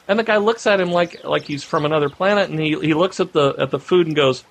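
A man co-hosting a podcast, telling a long anecdote in casual chat and getting animated as the story builds. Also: brisk. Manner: animated storyteller, rising pitch when excited. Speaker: podcast co-host.

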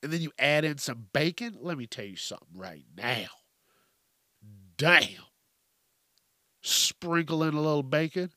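A man hosting a solo podcast in a casual, profane, animated rant, acting out quotes and jumping between topics. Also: on the high side, unhurried, pauses often, no echo, studio quality. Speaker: podcast host.

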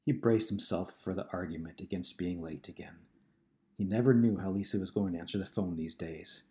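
Low-voiced male audiobook narrator. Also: brisk, a little mellow.

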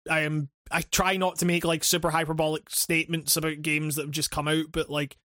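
A man's voice: on the high side, flat delivery, brisk, sharp tone, no room sound, clean studio sound. A young man co-hosting a podcast in casual chat, rambling and profane, laughing often. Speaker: podcast co-host.

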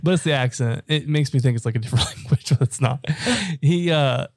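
A man's voice: mid-range voice, brisk, slight background noise. A young American man in casual chat, rambling and laughing, swearing now and then. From United States.

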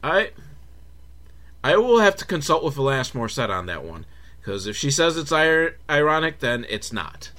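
A man's voice: fairly high pitch, big pitch swings, moderate pace, a bit bright. A man hosting a comedic film recap, talking sarcastically and profanely with laughing asides. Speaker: host.

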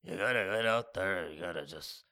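Comic voicing a gruff divorced guy at a bar, low and mumbly, lecturing a stranger. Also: moderate pace, bright, forceful tone, no room sound, clean studio sound. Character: divorced middle-aged man at a bar giving unwanted dating advice.

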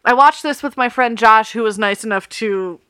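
A woman's voice: fairly high pitch, moderate pace, pushed and bright, clean tone, no echo. A woman co-hosting a casual movie podcast, chatty and giggly while recapping scenes. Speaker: podcast co-host.

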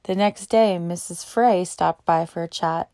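A woman reading a novel aloud as narrator, in a steady, even way. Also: fairly low pitch, unhurried, no room sound, studio quality. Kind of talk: audiobook narration.

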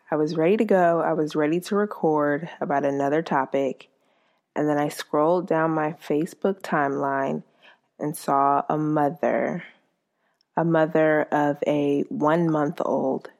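A woman's voice: low-pitched, gravelly, a little mellow. A woman hosting her own podcast, speaking in an earnest, heartfelt monologue. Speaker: podcast host.

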